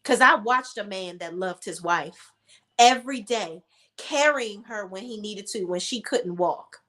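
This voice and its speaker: A woman's voice: medium pitch, a little slow, pushed and bright. A woman giving heated, profane commentary on a reality TV show, blunt and emotional. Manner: emotional while telling a personal story. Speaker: reality TV recap vlogger.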